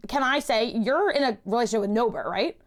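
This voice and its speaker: Bubbly high-voiced woman podcast host. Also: animated, fast. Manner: bubbly, laughs often, exclamatory. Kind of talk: casual podcast chat.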